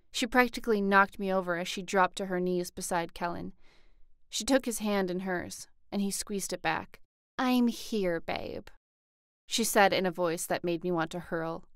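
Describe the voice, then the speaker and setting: A woman reads a first-person story aloud as an audiobook narrator. Her voice is smooth and resonant at a middle pitch, recorded dry and close with no room sound. She voices the dialogue with lifts in pitch and loudness. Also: dry recording.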